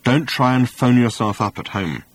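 A man's voice: mid-range voice, animated, moderate pace, husky. A man voicing a dry, curt alien. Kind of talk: audiobook character voice.

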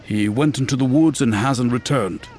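A man's voice: medium pitch, moderate pace, darkish tone, lightly acted. A man voicing a wary middle-aged father who speaks carefully and stammers under pressure. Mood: guarded.

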